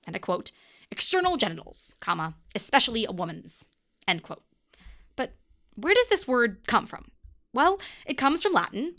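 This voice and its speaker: A woman's voice: mid-range voice, bright, forceful tone. A young adult woman hosting a podcast, delivering a wry, emphatic monologue. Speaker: podcast host.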